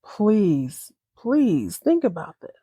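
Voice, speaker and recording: A woman's voice: mid-range voice, very animated, extremely slow, warm tone, slightly rough, no echo, highs cut off, exaggerated voice. A woman voicing a tired grown son who pleads with his father, on a dry recording. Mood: weary pleading.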